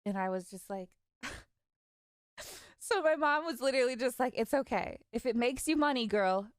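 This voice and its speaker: A young woman streamer casually telling stories about her parents, animated and laughing, acting out their lines. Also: on the high side, moderate pace, no room sound, studio quality. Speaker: vtuber streamer. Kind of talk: casual storytelling.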